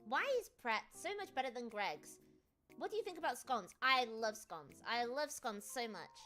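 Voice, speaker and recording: A woman from the UK streaming casually, answering viewer questions in an excitable, giggly, rambling way. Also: on the high side, normal speed, soft background music. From United Kingdom. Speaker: VTuber streamer.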